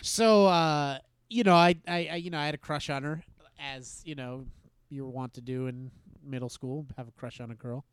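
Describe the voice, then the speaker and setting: A man telling a story in casual chat, halting and self-deprecating, laughing often. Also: on the high side, fairly even intonation, clear, resonant tone, dry recording.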